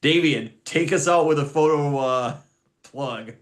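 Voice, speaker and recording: A man's voice: a little high, unhurried, a little hiss or hum. A man hosting a motorsport podcast, reading the intro, sign-off and sponsor plugs in an upbeat announcer manner. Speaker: podcast host.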